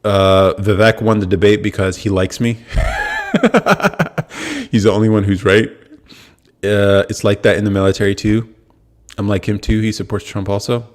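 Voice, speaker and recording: A young American man hosting a live podcast, telling a story in a casual, animated way and swearing freely. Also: on the low side, a little fast. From United States. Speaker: podcast host. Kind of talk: casual livestream talk.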